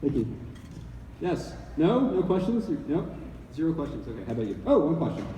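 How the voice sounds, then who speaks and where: On a large convention hall stage, a Canadian actor answers fan questions in a playful, rambling way, joking with the crowd. His voice is on the high side, very animated, brisk and mellow, with slight background noise. The hall is echoey and he sounds far from the mic.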